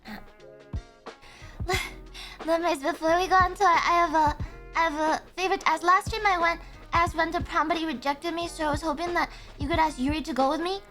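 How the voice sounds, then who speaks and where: A woman's voice: very high voice, steady tone, fairly quick, fairly bright tone, faint music behind. A woman with an Irish accent, hosting a casual live stream as a playful tour guide, laughing often and swearing casually as she banters with chat.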